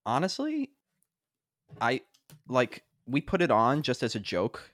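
This young podcast co-host, in his twenties, talks slowly at medium pitch with huge swings in pitch and a slightly bright tone, with no room sound. Chatting casually, he rambles through his stories, leaning on fillers and laughing a lot.

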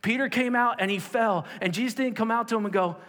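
A man preaching a sermon as pastor, moving from emphatic exhortation to hushed prayer. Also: extremely high pitch, fast. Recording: long hall reverb.

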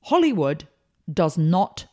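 A woman consultant and speaker, telling emphatic, animated stories as a guest in a podcast interview. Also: lowish voice, slow.

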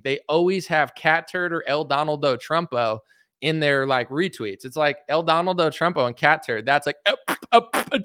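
A man's voice: mid-range voice, a bit bright, clean tone, dry recording, clean studio sound. A young man ranting casually about politics, rambling and sarcastic, often breaking into silly mocking voices. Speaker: political commentary host.

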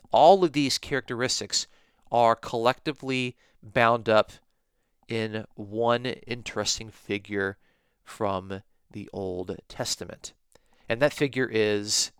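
A man teaching a Bible lesson in a measured, emphatic way, stressing key words. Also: on the low side, clear, resonant tone, no room sound, studio quality. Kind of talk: scripted teaching podcast.

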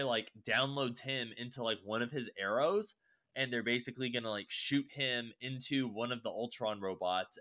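A young man casually recaps a show, rambling along with lots of "like" and plenty of swearing. His voice is medium-pitched, bright and forceful.

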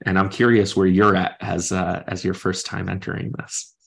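Low gravelly man recapping a book. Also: flat delivery, moderate pace. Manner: thoughtful, retells the story at length in his own words. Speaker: podcast host. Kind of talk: casual book discussion and chapter recap.

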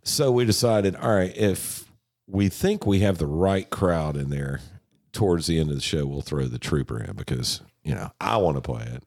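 Brief: male podcast co-host, deep voice with a wide swinging lilt, profane jokey banter, dry close mic. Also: expressive, normal speed, darkish tone, no echo. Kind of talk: casual chat.

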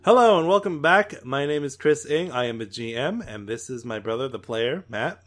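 A man narrating as game master of a tabletop role-playing podcast, relaxed and joking with his brother. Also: mid-range voice, moderate pace.

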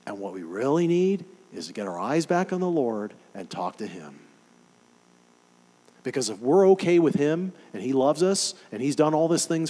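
A man delivering a sermon in a fairly high voice that swings widely in pitch. He preaches with emphatic, animated conviction and keeps asking his congregation questions. The sound carries a long hall reverb.

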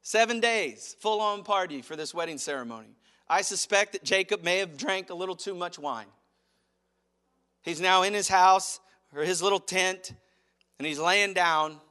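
A man preaching a sermon as pastor, animated, acting out quotes and chuckling as he speaks. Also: high voice, normal speed.

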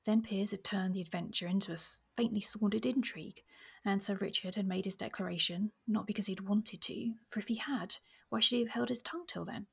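Husky, gravelly-voiced woman reading aloud. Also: mid-range voice, fairly quick, few pauses. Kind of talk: reading aloud and discussing a novel.

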